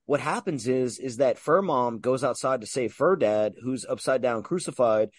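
An excitable man swearing freely and stammering on restarts as he recaps a movie in casual podcast chat. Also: mid-range voice, moderate pace, dry recording. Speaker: podcast co-host.

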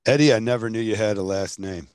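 Chatty low-voiced podcast host. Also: male voice, a little mellow, clean tone, no echo, clean studio sound. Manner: jokey, chatty, asks quick questions. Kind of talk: casual podcast chat.

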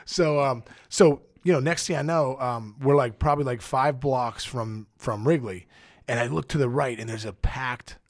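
A middle-aged man, a podcast guest, telling a rambling, excitable story in casual chat and acting out the quotes with big jumps in his voice. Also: medium pitch, normal speed, dry recording, clean studio sound. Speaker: podcast guest, former baseball player.

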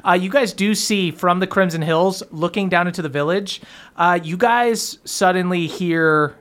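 A man's voice: sits high, normal speed, fairly bright tone. Casual man narrating a tabletop game. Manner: casual, many "uh" fillers, swearing. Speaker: game master.

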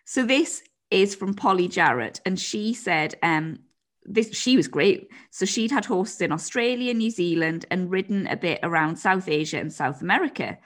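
A woman co-hosting a casual chat podcast, telling stories in a chatty, animated way. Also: fairly low pitch, moderate pace. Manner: chatty, animated storytelling with giggles. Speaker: podcast co-host.

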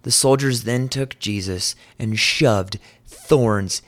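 A man preaching a sermon, reading scripture and then explaining it earnestly. He asks rhetorical questions and slows down to stress vivid details. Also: fairly low pitch, fairly bright tone.

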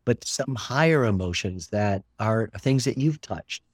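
Older male guest, earnest and expansive, lowish voice, dry close sound. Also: expressive, unhurried, husky, dry recording. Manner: earnest, expansive, repeats words for emphasis. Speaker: documentary filmmaker. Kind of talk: reflective interview talk.

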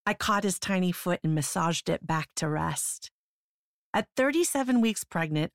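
Female memoir narrator, sober and measured, low register, dry booth sound. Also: vocal fry, no echo. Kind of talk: first-person memoir narration.

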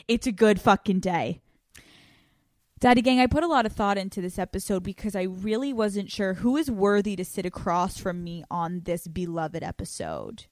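A young woman hosting a podcast in casual chat, brash and profane, talking excitably. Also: mid-range voice, moderate pace, no echo. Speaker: podcast host.

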